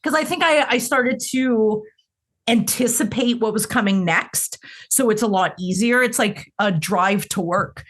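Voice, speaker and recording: A young woman co-hosting a music podcast, talking in a chatty, expressive way. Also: medium pitch, measured pace. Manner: chatty and expressive, with frequent fillers. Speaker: podcast co-host. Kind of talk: casual chat.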